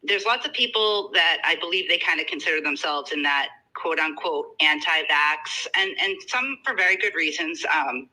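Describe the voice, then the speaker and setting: A man's voice: fairly high pitch, lively intonation, normal speed, few pauses, pushed and bright, poor audio. A man calling in as a guest, talking hesitantly with many fillers and an indignant edge. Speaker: guest caller. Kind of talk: casual chat.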